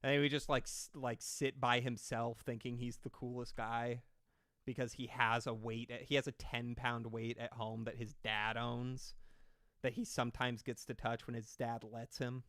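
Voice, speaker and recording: Sarcastic rambling man, smooth dry voice. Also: mid-range voice, little pitch movement, normal speed, fairly bright tone, no echo. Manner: rambling, sarcastic, swears a lot. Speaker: commentary streamer reacting to comments and a video. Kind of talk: casual reaction commentary.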